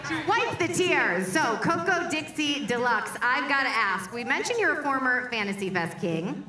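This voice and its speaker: A woman's voice: high-pitched, animated, moderate pace, crowd noise. A woman hosting a live pageant on a theater stage, playful and teasing as she questions the contestants. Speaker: pageant host. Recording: echoey theater hall.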